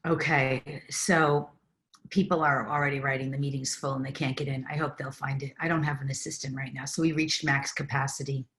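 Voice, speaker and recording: A woman's voice: very deep voice, level tone, brisk, fairly bright tone. A woman spiritual teacher and healer giving a live online talk on a video call, earnest and effusive, with loose fillers and restarts.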